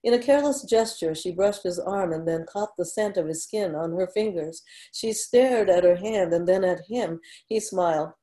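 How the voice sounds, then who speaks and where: Female story narrator, measured and unhurried; low, mellow tone. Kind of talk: story reading.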